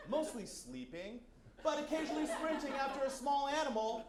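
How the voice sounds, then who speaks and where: A man with a high, lively voice delivers a deadpan comedy bit as a clueless film critic. He sounds sure of himself while being completely wrong. The sound is roomy, with a live crowd audible behind him. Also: a little fast. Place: stage before a live audience.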